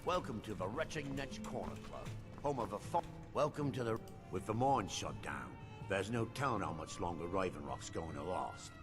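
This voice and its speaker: An actor playing a jovial dark elf innkeeper in a video game, telling tall tales with theatrical flair. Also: male voice, low voice, animated, normal speed, few pauses, music in the background. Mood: worried. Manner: theatrical storytelling, swooping delivery.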